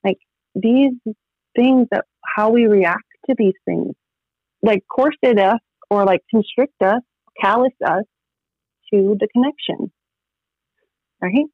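A woman's voice: mid-range voice, takes it slowly, long pauses. Woman guest, thirties, casual rambling storyteller; tinny phone-line audio, no room echo. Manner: rambling, heavy use of "like" fillers. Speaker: podcast guest.

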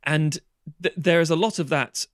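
A man, co-hosting a casual chat, animated and sweary, on a close mic. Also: fairly high pitch, no echo. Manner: animated, sweary, quick-fire. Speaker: podcast co-host.

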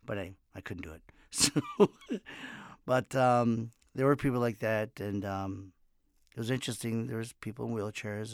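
A middle-aged comedian hosts his own podcast, chatting loosely and chuckling between stories. His voice sits at an average pitch, and the recording is dry and close with no room sound. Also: no room sound. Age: 50s. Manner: rambling, laughing storyteller. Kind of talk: casual monologue. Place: home in Los Angeles.

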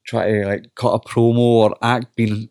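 A man's voice: mid-range voice, flat delivery, normal speed, a little mellow, dry recording, studio quality. A young Scottish man, a professional wrestler, chatting bluntly in an interview, swearing a lot and restarting his sentences as he rambles. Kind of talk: casual interview chat.

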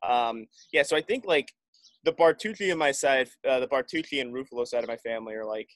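A man's voice: mid-range voice, brisk, fairly bright tone, dry recording. Man, casual podcast chat, rambling, restarts, dry mic. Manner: rambling, restarts with many likes.

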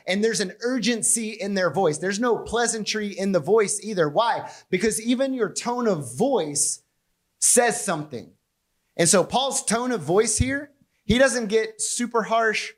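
A man preaching a conversational sermon as pastor, animated and playful with his asides. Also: high-pitched, a little slow. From United States.

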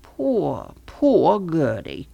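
A man's voice: on the high side, wildly swooping pitch, very slow, gravelly, lo-fi sound, full character voice. A man voicing a scheming small-town fellow in a comic radio play, talking in a folksy, wheedling, overly sweet way.

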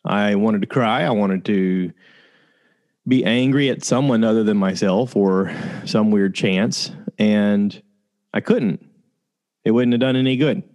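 A man casually telling a personal story to his listeners, candid and conversational, with frequent pauses and fillers. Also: fairly low pitch, a little mellow.

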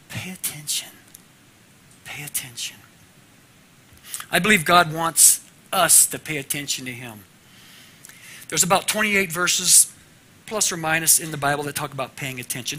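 Bright-voiced earnest man teaching devotion. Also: on the high side. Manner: earnest, swings from loud to hushed prayer. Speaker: class teacher giving a devotional.

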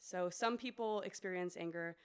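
Smooth-voiced woman teacher chatting. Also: lowish voice, moderate pace. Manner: chatty, many fillers, acts out story voices. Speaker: preschool teacher and podcast co-host. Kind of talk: casual chat.

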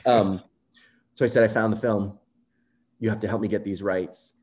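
A man being interviewed, telling a personal story in an earnest, animated way and acting out quoted remarks. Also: lowish voice, moderate pace. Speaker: composer guest.

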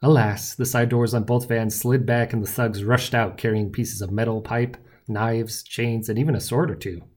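A man reads a first-person story aloud at a middling pitch. His telling is wry and lively, with a dry edge to the asides. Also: normal speed. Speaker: audiobook narrator. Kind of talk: first-person audiobook narration.

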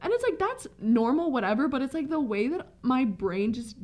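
Animated young woman telling a story. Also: sits high, moderate pace. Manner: rambling, animated, swears, laughs a lot. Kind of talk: casual chat, storytelling.

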